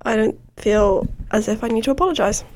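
A teenage girl from Australia co-hosting a breakfast radio show, teasing her partner in a dry, drawn-out way. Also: on the high side, darkish tone, slight background noise. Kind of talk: casual breakfast show chat.

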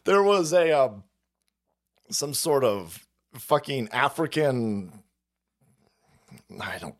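A man hosting a livestream, ranting crudely and mockingly about the news and reading chat messages aloud. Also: medium pitch. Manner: crude, mocking, puts on voices for quotes. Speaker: livestream host. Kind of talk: profane political rant stream.

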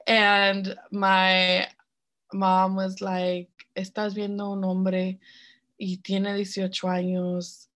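A woman's voice: mid-range voice, completely flat delivery, slow pace, fairly bright tone. A woman telling a personal story on a podcast, frank and blunt, swearing freely and full of fillers. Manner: mixes in other-language phrases mid-sentence. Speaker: podcast co-host.

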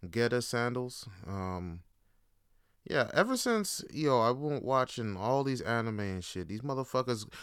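A man's voice: mid-range voice, sing-song, a little slow, a bit bright, smooth, no room sound, studio quality. A man hosting a podcast, talking in a casual, rambling, profane monologue. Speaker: podcast host.

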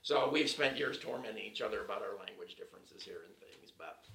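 Male podcast host, gravelly and bright, playful banter, roomy living-room sound from off the mic. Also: fairly low pitch, fairly quick, distant mic. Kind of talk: casual chat.

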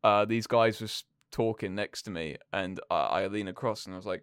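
A young man co-hosting a casual podcast, animated and self-mocking as he tells stories. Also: lowish voice, fast, few pauses, clean tone, no echo, clean studio sound. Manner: animated, self-mocking, does silly voices. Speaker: podcast co-host. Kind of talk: casual chat.

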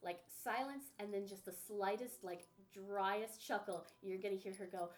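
A woman's voice: mid-range voice, moderate pace. A woman narrating as game master of a tabletop game, casual and profane, laughing often.

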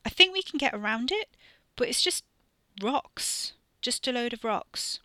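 A woman voicing a sharp-tongued, energetic young woman who snaps back at the boys. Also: a little high, measured pace, clear, resonant tone, no room sound, clean studio sound, voice pushed up. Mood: snappy. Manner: snappy, exasperated.

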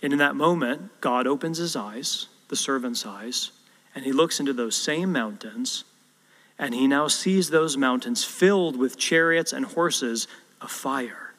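A man's voice: mid-range voice, a little slow, fairly bright tone. A male pastor preaching a sermon and telling a story, acting out the quotes as he goes. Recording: long hall reverb.

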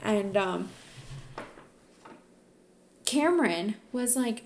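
A young woman co-hosting a podcast, telling stories in casual chat, animated and full of profanity. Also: on the high side, normal speed, a little hiss or hum. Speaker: podcast co-host.

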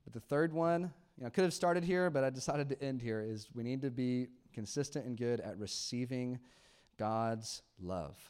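A man in his thirties delivers a sermon in a relaxed, conversational manner, with a voice of ordinary middle pitch. He swings between quiet, hushed stretches and loud, emphatic passages. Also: moderate pace, clean tone. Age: 30s. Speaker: pastor.

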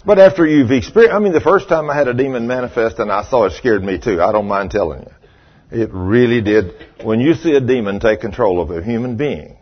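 A man's voice: on the low side, slightly rough. An older man preaching a sermon, telling a folksy story and acting out what people said. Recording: dull lo-fi sermon recording.

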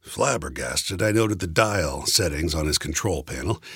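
Low, husky-voiced man narrating a story. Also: expressive, moderate pace, a bit bright, dry recording, clean studio sound. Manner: wry, conversational storytelling. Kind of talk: first-person audiobook narration.

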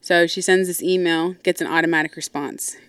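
A woman's voice: on the low side, fairly even intonation, fairly quick, a bit bright, clean tone, no room sound. A woman host telling a personal story casually, blunt and profane, with lots of asides. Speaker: podcast host.

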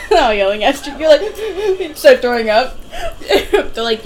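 A young woman co-hosting a casual movie-watching podcast, animated and swearing, acting out scenes in voices. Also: high-pitched, normal speed, slight background noise. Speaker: podcast co-host.

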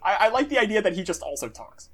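A man's voice: sits high, very animated, fast talker, a bit bright, husky. Chatty self-deprecating man. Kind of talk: casual group chat.

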